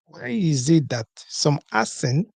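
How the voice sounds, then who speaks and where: A man's voice: on the high side, very animated, slow, creaky, a little mellow, breathy edge, no echo. A man hosting a solo podcast, talking in a rhetorical way, repeating his points and asking "okay?" to his listeners. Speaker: podcast host.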